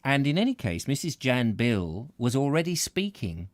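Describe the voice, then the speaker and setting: Lively-voiced man reading a novel aloud. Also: medium pitch, moderate pace, dry recording. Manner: expressive, occasional slips and restarts. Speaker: book reader, host. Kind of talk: live audiobook narration.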